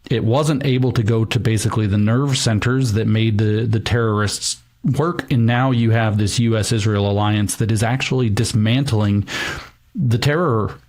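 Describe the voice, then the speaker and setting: A man giving a political commentary in an earnest, steady, argumentative way, played as a clip on a stream. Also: lowish voice, moderate pace.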